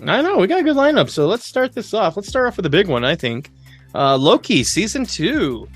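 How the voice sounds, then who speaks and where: A jokey man hosts a casual podcast, his voice sitting a little high and swinging widely in pitch as he talks. He laughs easily and reads through the segment loosely, with a faint music bed underneath. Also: brisk. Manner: jokey, laughs often, animated. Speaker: podcast co-host. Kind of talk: casual banter and segment reading.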